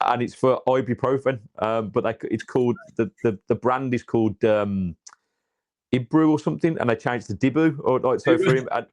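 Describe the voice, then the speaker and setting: A man's voice: mid-range voice, moderate pace, a little mellow, dry recording. A man from England, chatting casually about his football club in a rambling way full of restarts and fillers. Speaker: podcast co-host. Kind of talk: casual football fan chat.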